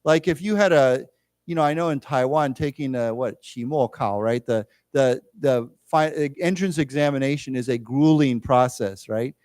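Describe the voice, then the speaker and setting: A man teaching an English vocabulary lesson in a library lecture room. He explains each word slowly and leads the class in repeating it. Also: medium pitch, a little mellow, dry recording, clean studio sound.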